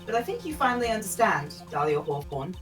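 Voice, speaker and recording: A woman's voice: medium pitch, very animated, quick pace, fairly bright tone, recorded from a distance, faint music behind. Woman playing a cool, confident lawyer spirit. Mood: cold. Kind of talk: reading game dialogue aloud.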